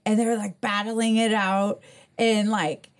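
A woman chatting casually on a podcast, telling lively stories and acting out the lines of the people in them, swearing freely. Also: medium pitch, slow pace. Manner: animated storyteller, acts out quotes. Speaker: podcast guest. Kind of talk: casual chat. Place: podcast studio.

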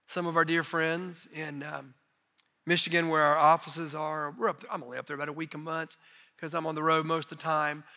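Folksy high-voiced preacher in a big hall. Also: male voice, brisk, vocal fry. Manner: folksy, animated storytelling with self-deprecating humor. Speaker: missionary preacher. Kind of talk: sermon storytelling. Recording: long reverb of a large hall.

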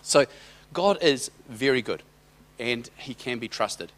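Man, middle-aged, church speaker, chatty rambling sermon, mid-pitched voice, trips over his words. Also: animated, takes it slowly, a bit bright. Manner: conversational, rambling, hesitant restarts. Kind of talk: sermon told as a personal story.

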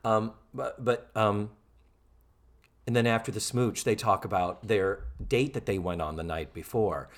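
A man co-hosting a casual podcast, recapping a sitcom episode with animated delivery and free swearing. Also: lowish voice, unhurried. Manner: animated, swears freely, acts out quoted lines. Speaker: podcast co-host.

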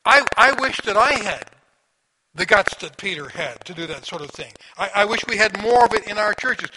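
A man preaching a sermon in a conversational, animated storytelling manner, asking the listeners questions. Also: high voice, normal speed. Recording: audible background noise.

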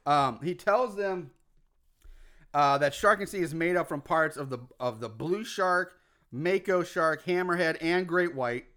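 A man's voice: fairly high pitch, measured pace, bright, forceful tone. A man co-hosting a casual podcast, recapping a movie in a rambling way, laughing often and swearing casually. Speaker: podcast co-host.

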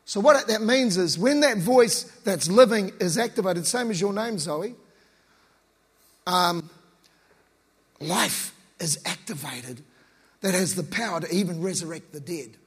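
In a casual sermon, a man with a high, slightly husky voice preaches loosely and conversationally, packed with slang. He's animated yet unhurried, taking long pauses, and his voice echoes with the long reverb of a large hall.

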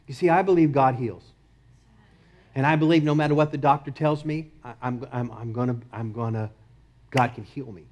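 A pastor preaching a sermon with passion, repeating short declarations and swinging from loud insistence to quiet, intimate appeals. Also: male voice, medium pitch, normal speed. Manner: impassioned, repeats key phrases, rises then drops to near murmur. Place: church.

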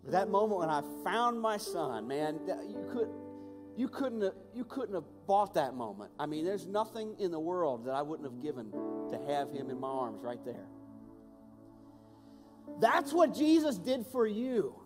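A man preaching a sermon and telling a personal story, swinging between hushed and raised voice with passion. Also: on the high side, lively intonation, moderate pace. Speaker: pastor. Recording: long hall reverb with music behind.

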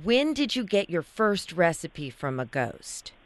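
A radio host asking a guest interview questions in a slow, expressive way. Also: mid-range voice.

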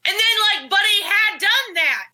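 A woman's voice: very high voice, lively intonation, a little slow, bright, forceful tone. A young woman in casual chat, telling a story with many fillers.

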